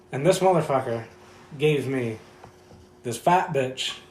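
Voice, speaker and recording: A man in his twenties, co-hosting a podcast, telling a profane story in casual chat and laughing often. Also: medium pitch. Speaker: podcast co-host. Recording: roomy echo, faint noise.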